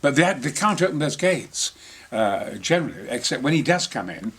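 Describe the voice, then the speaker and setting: A man's voice: medium pitch, very animated, a little fast, a bit bright, slightly rough. A man telling boisterous, sweary anecdotes in casual behind-the-scenes chat. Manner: boisterous, sweary, theatrical storytelling.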